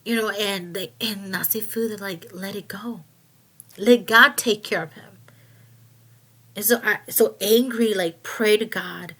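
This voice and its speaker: A woman giving a personal testimony in a halting way, with many restarts, and going quiet at painful moments. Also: mid-range voice, fairly even intonation, husky. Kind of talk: personal testimony, casual retelling.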